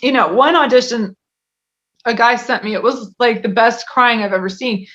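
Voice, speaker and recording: Interview guest: woman, slightly high voice, chatty and quick to laugh; muffled lo-fi sound. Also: fairly bright tone. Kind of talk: casual interview talk. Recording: dull lo-fi audio.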